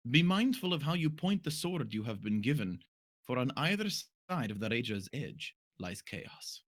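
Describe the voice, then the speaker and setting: A man voicing a mysterious female fortune teller reading tarot cards, slow and portentous. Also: mid-range voice, big pitch swings. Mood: solemn. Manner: slow, solemn, portentous delivery.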